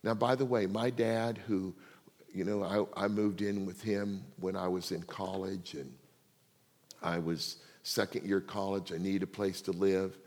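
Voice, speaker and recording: An older man preaching a sermon, telling a personal story and swinging between hushed asides and loud, laughing outbursts. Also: low voice, little pitch movement, measured pace. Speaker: pastor. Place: church sanctuary. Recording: long hall reverb.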